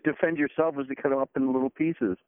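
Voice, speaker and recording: Guest on a dry, phone-quality line; relaxed man, meandering, lots of "uh"s. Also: mid-range voice, quick pace, no echo. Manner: rambling, many fillers and restarts. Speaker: guest, former special effects worker. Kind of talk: casual podcast chat.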